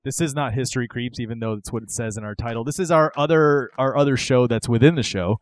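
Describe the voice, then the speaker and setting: A man's voice: mid-range voice, fast, no room sound. Jokey man co-hosting a podcast. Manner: jokey, upbeat, laughs often. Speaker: podcast co-host. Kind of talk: casual chat.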